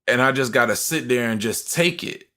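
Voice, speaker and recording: A man's voice: medium pitch, normal speed. Slangy young man telling a story. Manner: animated storytelling, slangy, acts out quoted voices. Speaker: podcast co-host. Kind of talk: storytelling casual chat.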